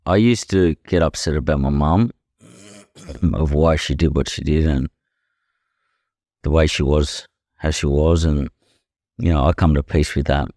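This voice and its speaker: A man's voice: extremely low pitch, measured pace, pauses often, warm tone, no room sound, studio quality. A young Australian man, a professional boxer, speaking candidly as a podcast guest. He talks bluntly, swears freely and keeps saying "you know". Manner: blunt and profane, leans heavily on "you know". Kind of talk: candid conversational storytelling.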